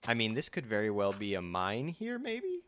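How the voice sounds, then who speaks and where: A man's voice: on the low side, wildly swooping pitch, moderate pace, a bit bright, a little hiss or hum. A young man casually commenting on his own gameplay during a live stream, thinking aloud and restarting his sentences as he goes. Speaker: let's play host.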